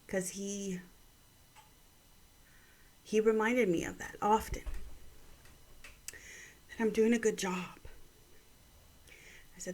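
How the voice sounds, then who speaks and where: Slow, husky-voiced gentle woman. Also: mid-range voice. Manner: gentle, reflective, drifts into soft whispers. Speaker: vlog host giving encouragement. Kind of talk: personal storytelling and encouragement.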